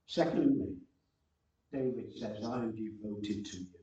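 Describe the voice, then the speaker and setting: A man preaching a sermon, slow and earnest, repeating phrases for emphasis, recorded from a distance in a large room. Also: lowish voice, dark tone, a little hiss or hum. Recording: distant, roomy and muffled.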